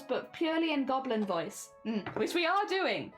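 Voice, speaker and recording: Giggly, lively woman streamer. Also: high-pitched, moderate pace, hardly any pauses, soft background music. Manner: giggly, rambling, often laughing. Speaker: livestreamer. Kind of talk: casual chat with viewers while crafting.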